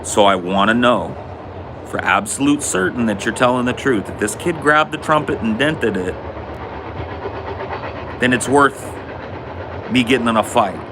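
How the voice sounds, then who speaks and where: A man's voice: medium pitch, expressive, unhurried, pauses often, noisy background. A man voicing a stern, earnest father talking seriously to his son.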